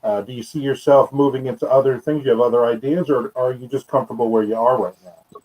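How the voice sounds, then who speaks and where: A man's voice: mid-range voice, fairly even intonation, quick pace, a little mellow, low-quality recording. A man co-hosting a casual video-call interview, asking questions in an easygoing, wry way. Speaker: co-host.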